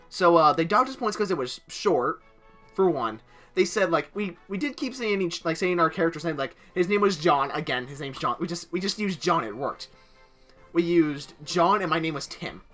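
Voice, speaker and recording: A man's voice: fairly high pitch, sharp tone. A young man casually narrating over gameplay, rambling through a story with many filler words. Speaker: gaming channel host.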